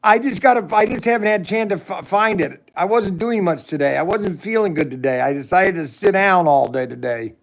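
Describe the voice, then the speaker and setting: A man's voice: high voice, animated, fairly quick, creaky, hardly any pauses. A middle-aged man hosting a casual livestream from a shed, rambling as he answers viewers' comments. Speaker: livestream host.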